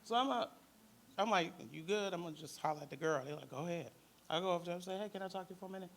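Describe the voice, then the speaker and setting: Speaking very fast, this Detroit-accented man has a high, creaky, slightly bright voice. A panelist who once worked in crisis support, he tells a casual story and performs the voices of its characters.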